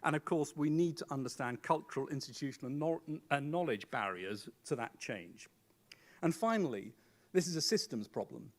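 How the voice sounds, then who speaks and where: A middle-aged man giving a formal, measured speech at a conference, setting out his points one by one with deliberate emphasis. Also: medium pitch, lively intonation.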